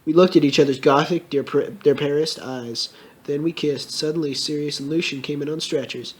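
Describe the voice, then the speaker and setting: A young man giving a comedic, mock-melodramatic reading of a fan story, with shrill put-on outbursts. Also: fairly even intonation, moderate pace, slightly rough.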